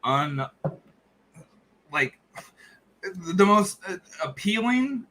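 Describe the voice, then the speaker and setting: Casting: bright-voiced, higher-pitched man, rambly casual host who laughs easily. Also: very animated, very slow. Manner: rambling, laughs often, many fillers and restarts. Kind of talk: casual chat.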